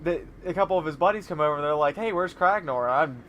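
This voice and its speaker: A man's voice: fairly high pitch, racing, fairly bright tone, slight background noise. A man co-hosting a gaming show, casually telling a long story and often laughing mid-sentence. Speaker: co-host playing a video game.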